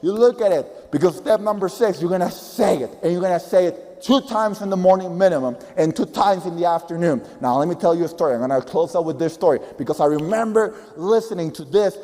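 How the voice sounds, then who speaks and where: A man with a Spanish accent, a native Spanish speaker, giving an energetic, emphatic and repetitive motivational speech as a business coach. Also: high voice, brisk, few pauses, in a large hall.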